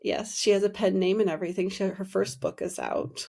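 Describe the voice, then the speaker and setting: A woman's voice: mid-range voice, steady tone, a little fast, vocal fry, warm tone. A middle-aged woman hosting a podcast, chatting casually and rambling with many restarts. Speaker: podcast host. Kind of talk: casual chat.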